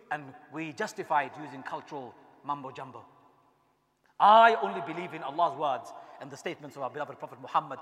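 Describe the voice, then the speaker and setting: A man delivering an impassioned sermon as an imam, swinging from quiet asides to shouted rhetorical questions. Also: fairly high pitch. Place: mosque hall. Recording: long reverb in a large hall.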